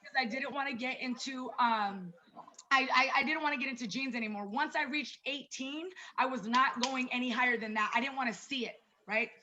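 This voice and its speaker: A woman's voice: sits high, fairly quick, pushed and bright, muffled recording. A woman in her thirties giving a casual, chatty online presentation as a wellness coach, talking personally to her listeners as "you guys.". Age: 30s. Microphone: video call.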